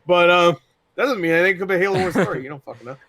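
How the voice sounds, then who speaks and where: A man co-hosting a casual gaming podcast, excitable, laughing often and swearing freely. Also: high voice, rapid-fire. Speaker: podcast co-host.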